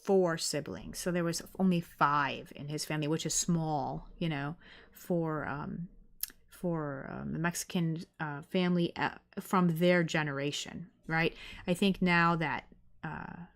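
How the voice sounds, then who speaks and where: A woman's voice: low voice, fairly even intonation, measured pace. A middle-aged woman streaming, chatting casually and rambling with many fillers as she reads viewer comments. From United States.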